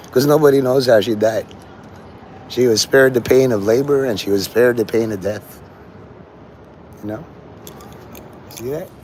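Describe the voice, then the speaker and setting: A man's voice: mid-range voice, darkish tone, slight background noise. A man livestreaming outdoors on his phone, rambling to his chat and acting out the voices of people he quotes.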